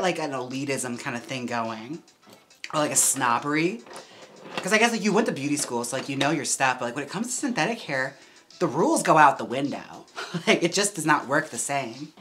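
Keep it giggly and chatty, a low bright-voiced woman. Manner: chatty, giggly, heavy use of "like". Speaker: livestream host styling a wig. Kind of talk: casual livestream chat.

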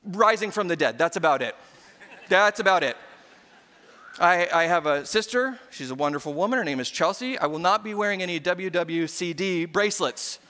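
Pastor guy preaching in a church, bright voice, acts out the people he quotes. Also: sits high, expressive, moderate pace. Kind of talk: sermon. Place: church sanctuary. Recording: long hall reverb.

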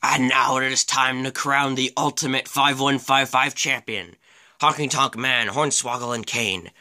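A man calling a mock wrestling match with excitable play-by-play commentary and deadpan asides. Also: mid-range voice, a little slow.

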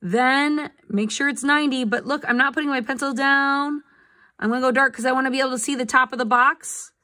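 Woman art teacher, live online lesson, slightly high, chatty and encouraging, computer mic. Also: steady tone, fairly quick, pushed and bright. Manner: upbeat, chatty, coaxing students to respond. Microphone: computer mic on a video call.

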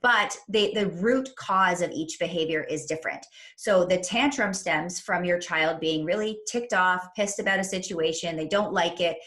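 A woman's voice: fairly low pitch, moderate pace, hardly any pauses, fairly bright tone. A woman parenting coach in a podcast interview, explaining in an instructive way and acting out what parents say to their kids.

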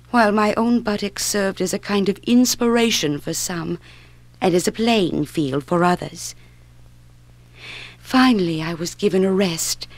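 A woman's voice: medium pitch, no room sound, natural voice. A woman as a suffering young heroine narrating. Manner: steady, grave narration. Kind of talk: 1960s spoken-word drama recording.

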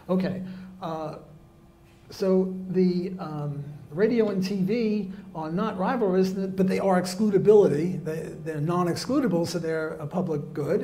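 A man's voice: high-pitched, dark tone. A man giving a live economics lecture, blunt and jokey, with many fillers and restarts.

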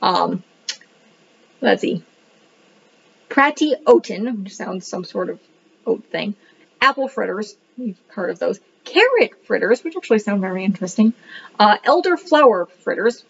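A woman's voice: medium pitch, lively intonation, normal speed, creaky, slightly rough. A woman casually reviewing a book, rambling with many fillers and joking that she cannot pronounce the words. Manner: self-deprecating about pronunciation. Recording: dull lo-fi recording.

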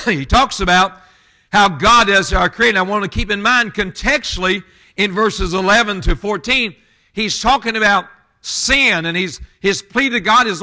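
A male pastor delivers a sermon in a folksy, conversational way, turning aside to talk straight to his congregation. His voice sits high and rings bright and forceful, with a tense edge. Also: normal speed.

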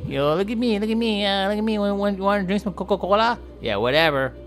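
A man's voice: sits high, expressive, fast, soft background music. A man doing a rambling, jokey bowhead whale. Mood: chatty. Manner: rambling, joking, trash-talking. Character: chatty, friendly male bowhead whale. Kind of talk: playful game commentary role-play.

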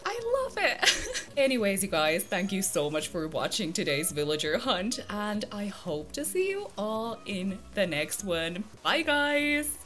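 A woman giving casual, excitable gameplay commentary, chatting to her viewers and to herself. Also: mid-range voice, unhurried, hardly any pauses, soft background music. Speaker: gaming YouTuber.

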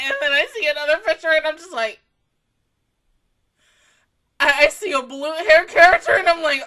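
A woman hosting an anime reaction video, talking expressively and swinging between laughing, near-crying and shouting. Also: sits high, moderate pace. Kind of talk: emotional anime reaction commentary.

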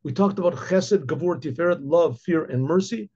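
A man, a rabbi giving a Torah class, translating Hebrew lines and explaining them, with frequent restarts and throat-clearing. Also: a little high, normal speed, a little mellow. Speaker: rabbi teaching Chassidic text. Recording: dull lo-fi recording.

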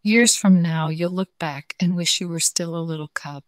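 A woman's voice: on the low side, normal speed, no echo, clean studio sound, close to an everyday voice. A woman voicing a small old male dog who is sheepish, sad and wise, in a children's storybook reading. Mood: wistful. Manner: soft, sheepish, wistful.

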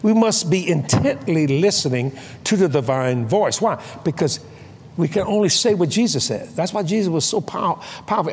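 An older man preaching a sermon, telling comic stories and acting out voices with shouts and laughs. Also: fairly high pitch, expressive, normal speed, breathy edge. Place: large convention hall.

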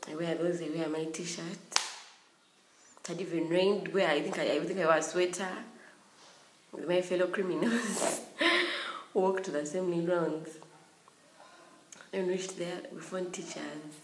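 A young woman tells a storytime tale with lively energy and frequent giggles. Her voice sits a little low, and the room adds a noticeable echo. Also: measured pace, long pauses, noisy background. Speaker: vlogger. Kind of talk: storytime vlog.

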